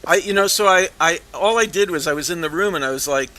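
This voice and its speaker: A man streaming live from a flight game, telling a story in casual, profane, animated chat over a headset mic. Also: a little high, fast talker, slight background noise.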